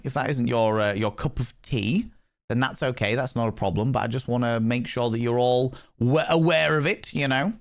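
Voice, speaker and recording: A man's voice: medium pitch, fairly bright tone, no echo, studio quality. A young man chatting casually as a game streamer, rambling and playful and swearing freely. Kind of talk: casual livestream chat.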